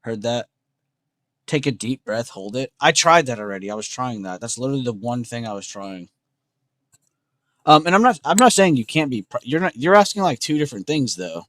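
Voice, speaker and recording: A young man hosts a trading livestream, talking casually with his viewers in a relaxed, slangy way and calling chat "bro" and "dude." His voice is medium in pitch and fairly quick, with no room sound.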